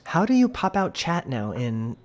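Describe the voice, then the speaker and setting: A man's voice: a little high, very animated, normal speed, slight background noise. A man hosting a casual gaming podcast from home, loose and chatty and laughing often. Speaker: podcast host. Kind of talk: casual chat.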